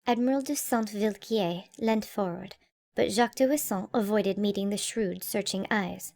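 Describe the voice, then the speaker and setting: A woman narrating an audiobook in a calm, even, measured way. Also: medium pitch, gravelly.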